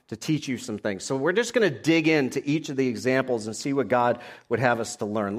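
A man, a pastor, preaching a sermon, reading scripture passages aloud and explaining them verse by verse. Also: medium pitch.

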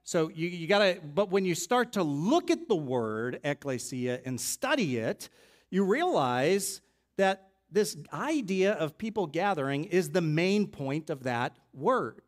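A pastor preaching a sermon in a loose, conversational teaching voice, a man pitched a touch high. He stumbles and restarts, drops into offhand asides, then builds to louder, emphatic stretches. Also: sing-song, measured pace.

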